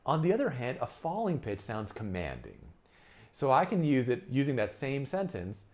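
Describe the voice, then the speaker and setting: A man's voice: medium pitch, big pitch swings, a little fast, darkish tone. A man coaching speech delivery in a lesson, acting out example sentences with shifting emphasis. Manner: demonstrates lines with varied emphasis. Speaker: speaking coach. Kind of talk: instructional lesson.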